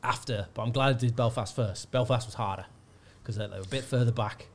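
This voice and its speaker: Animated comedian telling stories. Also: male voice, medium pitch, fast talker. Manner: animated storyteller, shouts out quoted hecklers. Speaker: guest comedian. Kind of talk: casual storytelling chat.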